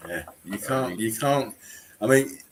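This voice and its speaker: Lower-voiced agreeable man, faint hiss. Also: animated, measured pace. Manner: agreeable, backchanneling. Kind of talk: casual chat.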